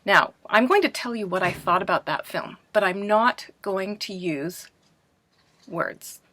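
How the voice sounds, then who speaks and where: Slow, bright-voiced woman teaching a class. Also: medium pitch. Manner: asks questions and answers for imagined students; clear, deliberate teacher delivery. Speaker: English pronunciation teacher.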